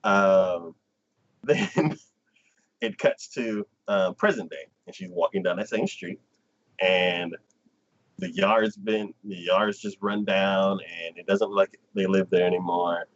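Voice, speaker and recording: A man's voice: sits low, a little slow, lo-fi sound. A man hosting a casual livestream chat, retelling an anime episode with lots of fillers and acted-out lines. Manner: animated plot retelling, acting out characters in quotes. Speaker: anime podcast host.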